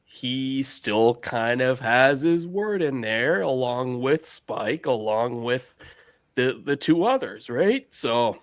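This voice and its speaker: Co-host guy, measured and hedgy, dry close mic. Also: medium pitch, animated, no echo. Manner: measured, hedging. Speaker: podcast co-host. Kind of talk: casual chat.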